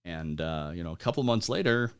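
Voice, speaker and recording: A man with a very low voice talks through his memories as an interview guest. He hesitates often, fills gaps with "uh" and "you know," and laughs wryly at dark moments. He is an American veteran in his forties. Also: expressive, soft background music. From United States. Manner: halting, many fillers, laughs at grim moments. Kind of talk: conversational interview storytelling.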